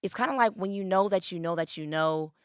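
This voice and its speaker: A woman's voice: fairly low pitch, a little fast, clean tone, no room sound, studio quality. A woman co-hosting a faith talk show, speaking in an earnest, emotional, confiding way. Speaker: co-host.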